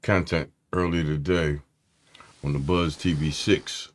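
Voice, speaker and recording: A man's voice: a bass voice, steady tone, measured pace. A man hosting a casual tech live stream, loose and slangy, greeting his chat by name. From Philadelphia area.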